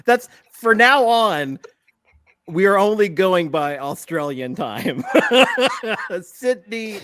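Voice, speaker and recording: A man's voice: high-pitched, expressive, takes it slowly, a bit bright, clean tone, dry recording, clean studio sound. A man co-hosting a casual podcast, chatty and laughing often. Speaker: podcast co-host.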